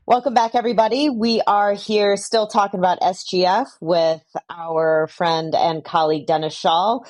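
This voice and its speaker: A woman's voice: medium pitch, steady tone, normal speed, darkish tone, dry recording. A woman co-hosting a podcast, asking playful, teasing questions. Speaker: podcast co-host.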